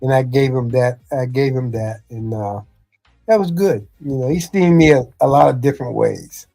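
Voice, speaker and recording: Middle-aged man, ex-coach, loose storyteller, mid-pitched, light music under. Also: moderate pace, creaky, warm tone. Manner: rambling anecdotes with frequent "you know". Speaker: podcast host, former football coach. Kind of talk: casual storytelling chat.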